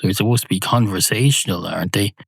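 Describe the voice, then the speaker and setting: A man's voice: fairly low pitch, fast, gravelly, slightly rough, no echo, studio quality. An Irish man voicing a matter-of-fact talking dog who reasons things out at the vet. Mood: reasoning.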